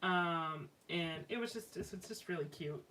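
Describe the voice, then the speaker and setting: Unhurried and sharp-toned, this lower-voiced woman chats and rambles as she scrapbooks live for her stream, often restarting and filling gaps. A slightly distant mic picks up faint background noise.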